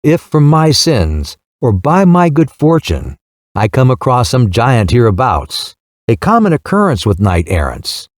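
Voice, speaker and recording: A man's voice: medium pitch, wildly swooping pitch, unhurried, no echo, clean studio sound. A man voicing an idealistic middle-aged knight errant who speaks in grand, old-fashioned phrases in an audiobook reading. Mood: dreamy.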